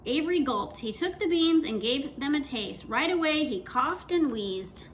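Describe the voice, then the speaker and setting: Expressive woman reading a kids' book aloud, high and animated. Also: normal speed, slight background noise. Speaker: reader. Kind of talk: reading a children's storybook aloud.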